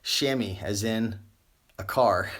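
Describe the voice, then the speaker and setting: A man's voice: medium pitch, lively intonation, moderate pace, fairly bright tone. A young adult man chatting casually on a live stream about reselling clothes, rambling with many fillers and restarts, his voice starting to wear out. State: losing his voice. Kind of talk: live-stream tips chat.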